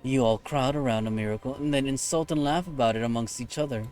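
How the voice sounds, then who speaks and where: A man's voice: medium pitch, quick pace, soft background music, close to an everyday voice. A man voicing a scornful, vengeful young female warrior, reading game dialogue aloud with raging threats. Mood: wrathful. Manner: raging, contemptuous, shouting threats.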